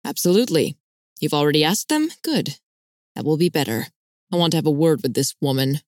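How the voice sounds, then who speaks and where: A woman's voice: sits low, animated, brisk, darkish tone, no echo, clean studio sound. A woman voicing a frustrated, worried young man who speaks urgently and with exasperation. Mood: exasperated.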